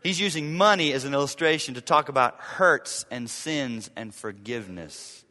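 A man preaching a sermon, with dramatic swings from loud urgency to hushed, near-whispered lines. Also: mid-range voice, animated, normal speed. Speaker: pastor. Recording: long reverb of a large hall.

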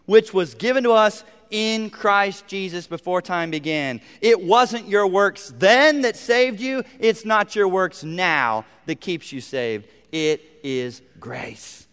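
A male pastor preaching a sermon, moving from loud emphasis to hushed, almost whispered lines. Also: high voice, lively intonation, slow, hardly any pauses, clean tone, in a large hall.

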